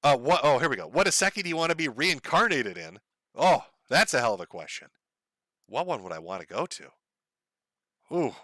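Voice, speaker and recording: With a mid-range voice that's very animated, pushed, and bright, a middle-aged streamer talks at a moderate pace and pauses often. He chats casually, reads donations, swears freely, and laughs at his own wry jokes. The studio-quality recording has no room sound.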